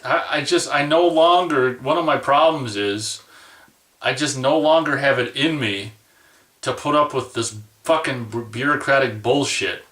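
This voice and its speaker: A man's voice: medium pitch, measured pace, fairly bright tone, recorded from a distance. Profane ranting man in a roomy space. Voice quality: profane, exasperated, rambling. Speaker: vlogger. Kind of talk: angry personal rant.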